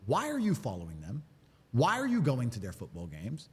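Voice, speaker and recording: A man speaking on a podcast in a forceful, preachy and insistent way. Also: medium pitch, wildly swooping pitch, normal speed, breathy edge, long reverb tail. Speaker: podcast guest. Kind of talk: podcast interview.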